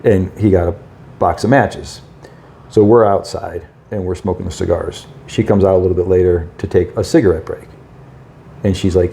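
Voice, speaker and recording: A man tells a story in a casual podcast chat, his pitch swooping up whenever he acts out what someone said. A faint hiss sits under the recording. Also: moderate pace, vocal fry. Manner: animated anecdote-telling with acted-out quotes. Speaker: podcast co-host.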